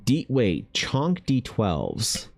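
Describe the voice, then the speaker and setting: Excitable, swearing young man with a lively voice. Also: medium pitch, extremely slow, creaky, dry recording, faint music behind. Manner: excitable, swears a lot, thinks aloud. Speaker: art streamer. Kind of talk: casual livestream chat.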